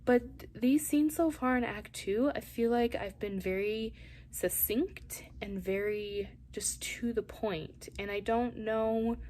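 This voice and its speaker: Talking casually to camera, a young woman who vlogs about writing rambles and thinks aloud about her work, now and then slipping into a whisper. Her voice is medium-pitched and a little mellow, with slight background noise.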